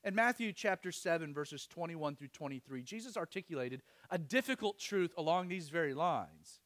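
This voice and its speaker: A man's voice: on the high side, animated, moderate pace, fairly bright tone. A man preaching a sermon as pastor, earnest and emphatic.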